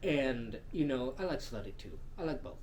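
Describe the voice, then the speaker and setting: A man co-hosting a podcast in crude casual chat, cursing and laughing often, swinging between loud and soft. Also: mid-range voice, big pitch swings, moderate pace, a little hiss or hum. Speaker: podcast co-host.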